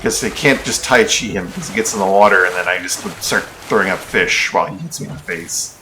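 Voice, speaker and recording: A man's voice: deep voice, fast, bright, forceful tone, faint music behind. A man streaming a game, chatting casually and thinking aloud in rambling asides. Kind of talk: casual gameplay commentary.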